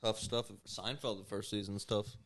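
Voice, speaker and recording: A man's voice: fairly low pitch, steady tone, normal speed, fairly bright tone. A man co-hosting a podcast, tossing off wry, dry remarks in casual chat. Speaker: podcast co-host.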